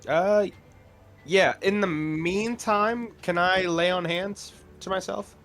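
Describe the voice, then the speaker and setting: A man playing a tabletop game who describes his actions hesitantly, with halting speech. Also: high voice, fairly bright tone, faint music behind. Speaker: player.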